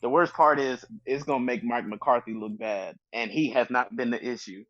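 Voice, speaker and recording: A man's voice: mid-range voice, fairly even intonation, normal speed, fairly bright tone, no room sound, highs cut off. A man giving frank, laid-back takes as a guest on a sports podcast. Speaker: guest panelist. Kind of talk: casual sports banter.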